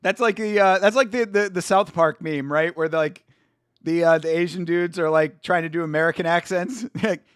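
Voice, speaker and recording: A young man hosting a casual live watch-along stream, chatty and excitable, full of slang and swearing. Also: high voice, normal speed, clean tone, dry recording, clean studio sound. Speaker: stream host.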